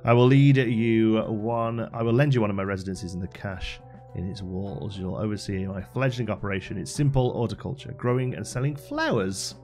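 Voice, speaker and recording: Guy reading out a smooth shady stranger on the phone, kinda low voice, no accent. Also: steady tone, normal speed, darkish tone, faint music behind, natural voice. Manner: plainly read, no accent.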